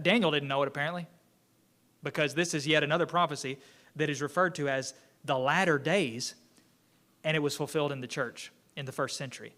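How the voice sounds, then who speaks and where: A man's voice: a little high, a little fast, bright, forceful tone. A man teaching an informal church Bible class, talking conversationally with fillers and asides.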